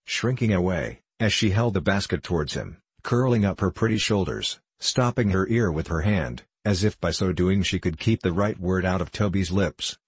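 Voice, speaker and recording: A man narrating an audiobook of a classic novel with a measured, steady delivery. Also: low voice, husky, no echo.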